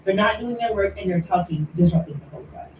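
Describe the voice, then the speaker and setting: A woman's voice: medium pitch, quick pace, a little hiss or hum. A woman teacher indignantly scolding parents as she vents to the camera. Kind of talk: venting to camera. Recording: distant, roomy, dull sound.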